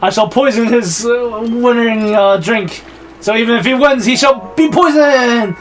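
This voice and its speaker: A man's voice: very high voice, measured pace, faint music behind, voice pushed up, poor audio. A man voicing a scheming, pompous king with mock-grand, old-fashioned speech while retelling a story. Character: scheming pompous male king plotting murder.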